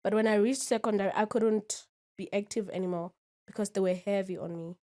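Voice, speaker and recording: A woman's voice: mid-range voice, steady tone, fairly quick, mellow. A woman in her twenties, a podcast guest, talking candidly and often checking in with the listener. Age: 20s. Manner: candid, keeps asking "you understand?". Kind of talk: casual interview.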